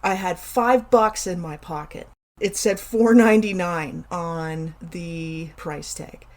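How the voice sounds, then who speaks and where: On her casual solo podcast, a middle-aged Canadian host talks slowly in a lowish, slightly mellow voice. She still narrates her personal story animatedly, full of playful emphasis and little asides.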